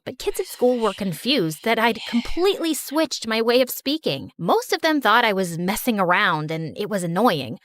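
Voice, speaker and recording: A woman voicing a sarcastic, chatty teenage girl who narrates her own animated story. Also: on the high side, no echo.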